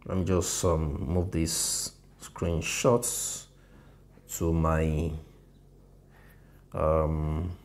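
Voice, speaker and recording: A man giving a loose, casual design tutorial on his phone, often correcting himself and laughing softly. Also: a bass voice, level tone, very slow, pauses often.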